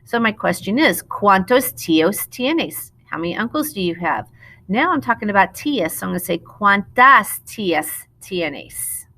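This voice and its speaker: A woman, a Spanish teacher, talking through a recorded lesson in a patient, explanatory way. She slows down to model the Spanish words. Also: mid-range voice, very animated, bright, forceful tone. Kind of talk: recorded classroom lesson narration.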